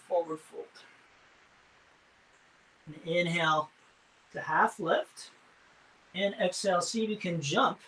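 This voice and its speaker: A man teaching an online yoga class, calmly cueing each breath and pose, with some fillers. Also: fairly high pitch. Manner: calm breath-cued instructions, some fillers.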